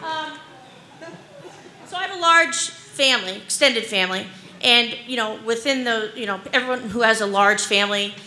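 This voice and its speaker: A woman in her forties tells stand-up stories in a bright, fairly high voice. She rambles through them with constant "like" and "um," and pokes fun at her own anxious nature. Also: normal speed, slight background noise. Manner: rambling, animated, heavy use of fillers like "like" and "um"; self-deprecating, anxious humor. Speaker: stand-up comedian. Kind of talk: stand-up storytelling.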